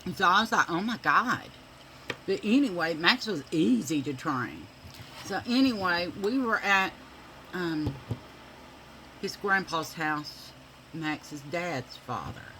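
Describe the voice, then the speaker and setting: A woman's voice: lowish voice, lively intonation, takes it slowly, sharp tone, slight background noise, rough recording. A woman telling rambling stories while doing her makeup at home. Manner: chatty, rambling, with many fillers. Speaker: makeup vlogger.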